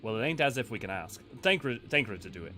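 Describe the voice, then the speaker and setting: A man reading out the lines of a gruff, roguish male scout in a game, with rough, folksy phrasing. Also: mid-range voice, sing-song, fairly quick, pushed and bright, faint music behind.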